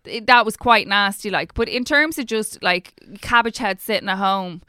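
A woman's voice: medium pitch, normal speed, pushed and bright, smooth, no room sound, clean studio sound. A woman with a Dublin Irish accent, co-hosting a podcast in casual chat, ranting with animation and plenty of swearing. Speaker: podcast co-host.

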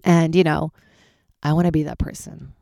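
Woman comic, solo podcast, low-pitched, dry close sound, rambling, swears a lot. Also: moderate pace, vocal fry, no echo. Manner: rambling, profane, with big sudden jumps into high excited voices. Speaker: stand-up comedian and podcast host. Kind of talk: casual solo podcast chat.

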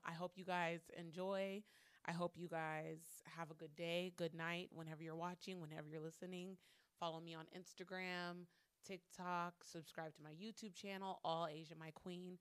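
A woman's voice: lowish voice, smooth, no echo. A woman vlogging casually to her viewers, talking frankly with lots of swearing, repeating phrases and laughing between lines. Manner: candid, profane, talks herself through anger with repeated phrases. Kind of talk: casual monologue to camera.

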